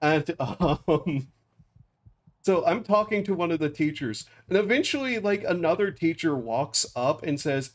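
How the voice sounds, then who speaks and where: Young male streamer, slow, fairly high voice, rambling anecdote with laughs. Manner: rambling, laughs often, acts out quotes flatly. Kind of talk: casual storytelling while gaming.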